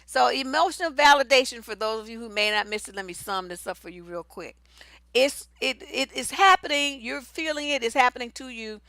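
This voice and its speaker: A middle-aged woman, a relationship coach telling a personal story and giving advice in a blunt, profane, animated way. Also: fairly high pitch, fairly quick, dry recording.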